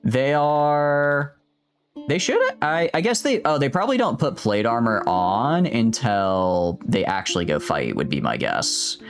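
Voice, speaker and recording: A man's voice: mid-range voice, big pitch swings, unhurried, faint music behind. A man streaming a game, rambling and joking with his chat in casual gameplay commentary. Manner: rambling, jokey, talks to chat.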